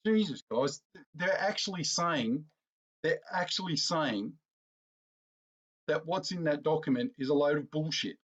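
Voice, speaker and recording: A man's voice: a little high, animated, unhurried, pauses often, a bit bright, highs cut off. A man hosting a political commentary vlog, ranting indignantly and calling his viewers folks. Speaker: political commentary channel host.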